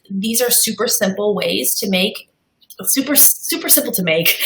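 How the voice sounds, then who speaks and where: A woman presents tips on a live webinar and talks through examples on her slides. She sounds upbeat and uses a few fillers. Her voice sits at a middle pitch, and the room around her echoes. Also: fairly bright tone. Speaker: marketing webinar panelist.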